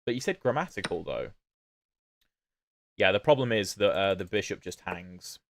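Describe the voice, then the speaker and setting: A man's voice: sits low, lively intonation, normal speed, a bit bright, no echo. A man with a British accent, not fully standard, casually commenting on his chess games and answering chat on a livestream. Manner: chatty, answers chat questions while playing. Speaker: chess streamer.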